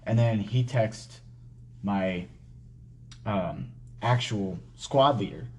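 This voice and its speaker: A man hosting a podcast, telling a personal story in casual talk, halting and full of swearing and fillers. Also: lowish voice, a little mellow, breathy edge. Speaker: podcast host.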